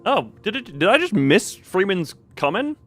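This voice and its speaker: A man on a live game stream, his voice sitting somewhat high and leaping up and down expressively. He talks loosely to his chat, breaking off mid-sentence and chuckling at himself, while quiet game music plays underneath. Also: sing-song, moderate pace. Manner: rambling, restarts sentences, laughs often, talks to chat.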